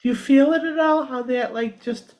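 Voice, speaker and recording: A woman energy healer leading a private session, singing simple repeated lines softly and chatting between them. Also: high-pitched, moderate pace. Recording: dull lo-fi audio.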